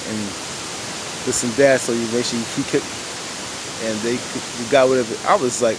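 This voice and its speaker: Guy rambling through a tv recap, aave, tons of "you know", mid pitch, noisy hum behind. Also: fairly even intonation, fairly quick. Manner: rambling, many "you know" fillers, addresses viewers as "y'all". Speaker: TV show reviewer. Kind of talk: casual episode recap.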